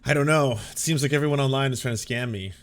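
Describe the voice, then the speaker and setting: A man's voice: mid-range voice, fast talker. Sarcastic man reacting on stream. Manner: sarcastic, laughing, swears freely. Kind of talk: casual live-stream reaction commentary.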